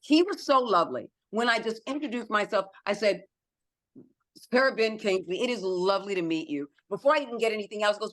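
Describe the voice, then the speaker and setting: A woman's voice: medium pitch, a little fast. A middle-aged woman who is a podcast guest, chatting casually and acting out other people's lines as she tells stories. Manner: animated storyteller, acts out quotes.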